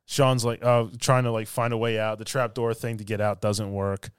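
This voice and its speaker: A man on a podcast who recaps a film scene by scene in casual chat. He rambles, laughs often, and acts out lines in loud, silly voices. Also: lowish voice, level tone, normal speed, clear, resonant tone, no room sound, clean studio sound. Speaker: podcast co-host.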